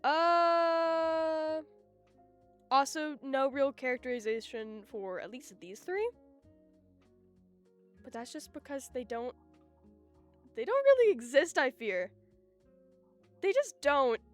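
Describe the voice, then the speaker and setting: A high-pitched woman streams live and rants about her opinions, animated and quick to cut herself off. Faint music plays softly behind her. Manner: animated, ranting, self-interrupting. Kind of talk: casual live-stream chat.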